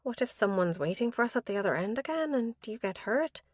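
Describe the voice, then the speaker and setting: A woman's voice: on the high side, animated, a little fast, no room sound, studio quality, voice pushed up. A woman narrator voicing a female police detective who speaks carefully and politely. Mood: earnest.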